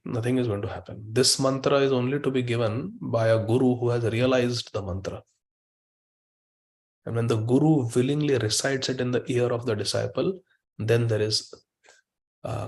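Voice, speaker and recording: A man's voice: mid-range voice, gravelly, a little mellow. A man giving a devotional scripture class in an online meeting, emphatic and repeating words for stress. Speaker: spiritual teacher.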